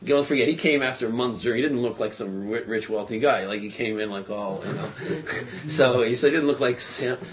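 A man telling a folk tale aloud in a casual, halting way, full of fillers and restarts. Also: medium pitch, background noise. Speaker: storyteller. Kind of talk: casual oral storytelling.

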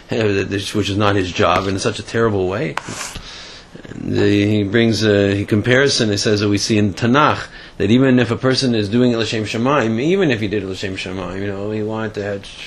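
A man giving a casual Torah lesson, telling a story in a halting way with many fillers and restarts. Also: on the low side, slight background noise. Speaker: Torah teacher.

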